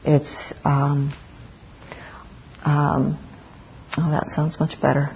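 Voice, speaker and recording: Slow, low-voiced woman giving a dharma talk. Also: monotone, lo-fi sound, slight background noise. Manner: slow, reflective, with many pauses and fillers.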